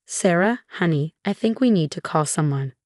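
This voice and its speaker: A woman reading the lines of a kind diner waitress in a gentle, soothing way. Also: fairly low pitch, expressive, moderate pace, dry recording, studio quality, natural voice.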